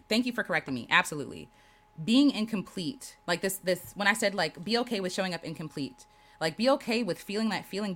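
Woman doing a chill livestream, reading comments out loud, lots of ups and downs in her voice, laughs a bunch. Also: on the low side. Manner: warm, affirming, laughs often, reads comments aloud. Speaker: host reading live chat. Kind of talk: casual livestream chat.

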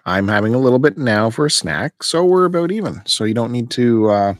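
A man's voice: mid-range voice, brisk, no echo. A man co-hosting a casual podcast from home, chewing food as he talks and trading light banter. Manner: chewing while talking, relaxed banter. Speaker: podcast co-host. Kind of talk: casual chat.

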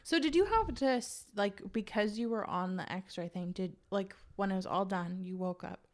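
Woman, casual chat, teasing, wry, mid-pitched voice. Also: normal speed.

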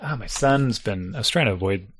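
Animated middle-aged man telling a story. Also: lowish voice, brisk, slightly rough. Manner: animated storyteller, laughs often, many restarts. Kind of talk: casual chat.

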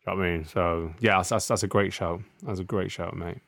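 A man's voice: low-pitched, fairly even intonation, fast talker, gravelly, fairly bright tone, dry recording, studio quality. A young man co-hosting a podcast, chatting casually about football, swearing freely and often asking "do you know what I mean.". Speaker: podcast co-host.

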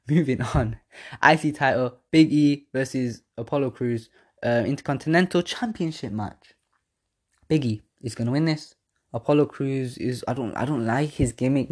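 A man's voice: medium pitch, a little mellow. A man hosting a podcast, rambling through casual chat with slang, swearing and self-mocking laughs. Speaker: podcast host. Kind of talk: casual wrestling predictions chat.

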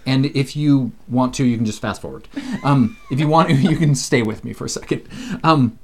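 A playful, talkative man from Canada co-hosts a relaxed conversation. He speaks at a middle pitch and slips into quick voices whenever he quotes someone. He talks like a former teacher who loves to tell stories. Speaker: co-host, former seminary teacher. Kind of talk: casual chat.

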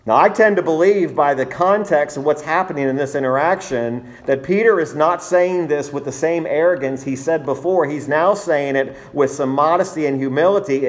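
A man preaching a sermon as pastor, measured and emphatic, repeating key phrases for weight. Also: fairly high pitch.

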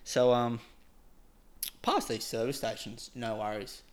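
A man's voice: medium pitch, fairly even intonation, slow. A young man casually telling a story on a podcast, rambling with lots of "like" and frequent laughs.

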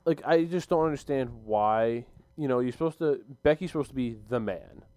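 Excitable young man with a smooth voice. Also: medium pitch, a little fast, no echo. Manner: excitable, animated storyteller. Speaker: podcast co-host. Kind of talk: casual sports chat. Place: home basement office.

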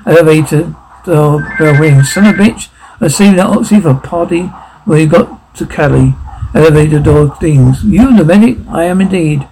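A man performs a one-man audio drama, voicing every role himself. His voice sits high and has a gravelly edge with a mellow, dark tone. He moves between clipped military voices and plain talk. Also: moderate pace, a little hiss or hum, rough recording.

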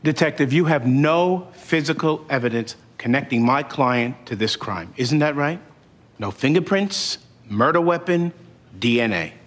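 An actor playing a defense attorney in a TV courtroom drama, cross-examining in a formal, pressing manner. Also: male voice, medium pitch, expressive, unhurried, a bit bright.

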